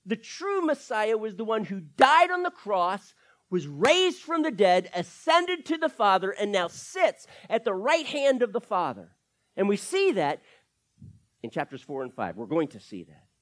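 A pastor preaching with a lively, swooping voice that rises and falls widely. The voice sits at a middle pitch and keeps asking the congregation questions while explaining scripture verse by verse. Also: measured pace. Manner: animated preaching with rhetorical questions. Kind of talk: sermon.

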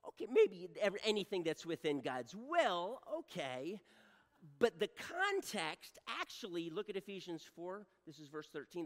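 Animated preacher in a reverberant hall. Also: mid-range voice, normal speed. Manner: animated, swings from loud exhortation to hushed near-whisper; direct address to congregation, repeated rhetorical checks. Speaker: pastor. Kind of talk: sermon.

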